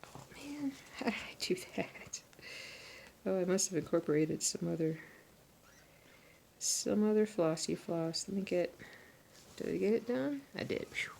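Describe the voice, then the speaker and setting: A woman chatting casually to viewers while she stitches. She sounds tired, talks to herself, and drops into soft muttered asides. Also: lowish voice, animated, measured pace, vocal fry, a little hiss or hum. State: tired and yawning. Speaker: crafting vlogger.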